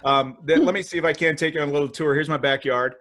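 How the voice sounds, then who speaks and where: A man's voice: a little high, quick pace, a bit bright. A man doing stand-up from home on a video call, rambling and giggling through jokes about his marriage. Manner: rambling, giggly, self-mocking. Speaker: stand-up comedian.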